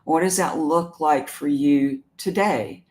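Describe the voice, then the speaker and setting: A woman hosting a live stream as an animal communicator. She talks gently and emotionally about pet loss and answers viewer comments, often pausing and restarting her sentences. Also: sits low. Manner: warm, emotional, halting with many restarts.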